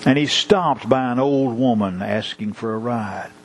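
A man's voice: medium pitch, slight background noise, poor audio. A man preaching a sermon with rhythmic repetition and illustrative stories. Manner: measured, rhythmic repetition; storytelling.

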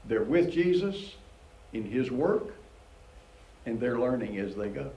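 A man's voice: reverberant, poor audio. A man preaching a casual, conversational Bible teaching and chuckling often as he reads and comments on scripture. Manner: conversational, chuckles often, animated rises in pitch.

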